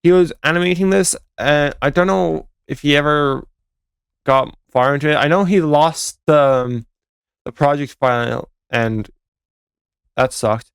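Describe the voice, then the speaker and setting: A man's voice: on the high side, unhurried, gravelly, clear, resonant tone, no echo, clean studio sound. A young man, a fan game developer, casually commenting over footage, rambling and correcting himself as he goes. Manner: rambling, self-correcting, laughs at own jokes.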